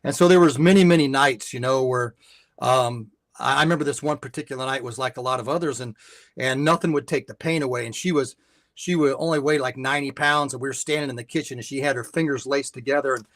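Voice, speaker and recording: A man's voice: mid-range voice, fairly even intonation, quick pace, a bit bright, no room sound. An older man, a guest on a faith podcast, telling a story and giving advice in an earnest way, often repeating words as he restarts.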